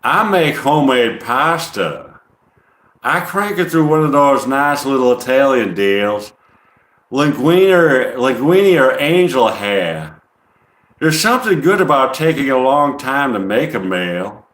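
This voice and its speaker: A man voicing a lazy Southern gentleman in a put-on Southern accent, with a slack, unhurried, raised delivery in a comedy stream. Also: mid-range voice, very animated. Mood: relishing. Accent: put-on American Southern. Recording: roomy echo.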